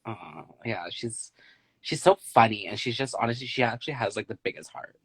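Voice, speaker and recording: A man's voice: medium pitch, brisk, breathy edge, dry recording, poor audio. A man from Canada, a guest in a casual live chat, easygoing and filler-heavy.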